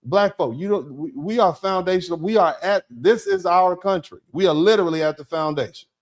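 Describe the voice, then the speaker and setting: A man hosting a live online show, thanking viewers by name and reading their chat comments. He talks in a conversational, emphatic way, often asking "you see what I'm saying", with halting restarts and drawn-out fillers. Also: high-pitched. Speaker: host of a live show, a lawyer.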